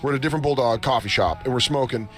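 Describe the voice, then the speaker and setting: A man's voice: mid-range voice, rapid-fire, soft background music. Profane man telling a rambling story. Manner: rambling, profane, acts out quotes. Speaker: comedy podcast co-host. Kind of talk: casual storytelling chat.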